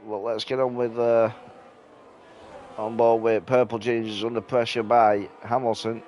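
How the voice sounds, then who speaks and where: A man giving casual, relaxed commentary on a sim race from his sofa at home, sounding a bit sleepy. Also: medium pitch, a little slow, a little hiss or hum. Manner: relaxed, sleepy, yawning between calls.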